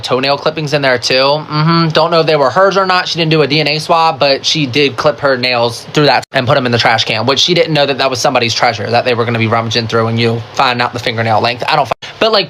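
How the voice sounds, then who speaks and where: Bright, chatty, swearing storyteller. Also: medium pitch, a little hiss or hum. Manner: chatty, swears a lot, constant "like" fillers; dramatic, animated retelling with quoted voices. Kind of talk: casual storytime.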